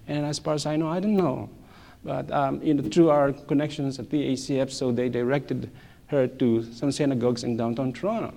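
A middle-aged man telling a personal church testimony, animated, repeating phrases and laughing between lines, with non-native English grammar. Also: medium pitch, normal speed, creaky.

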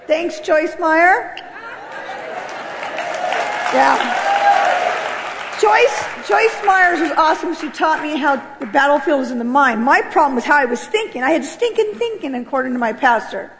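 A middle-aged woman giving an animated spoken testimony in a church, acting out the voices in her story. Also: high-pitched, measured pace, pauses often, over a noisy crowd. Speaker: testimony speaker. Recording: long hall reverb.

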